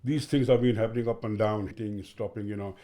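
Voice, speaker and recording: A man, a father and carer, speaking in an interview in a halting way and often saying "you know". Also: lowish voice, fairly even intonation, dark tone.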